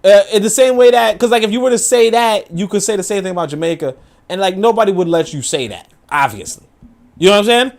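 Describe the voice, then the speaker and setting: A man hosts a loose livestream, reacting to a video and his chat. His voice sits a bit high for a man. He talks in animated, profane bursts full of fillers and laughing asides. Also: quick pace, vocal fry. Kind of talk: casual livestream commentary.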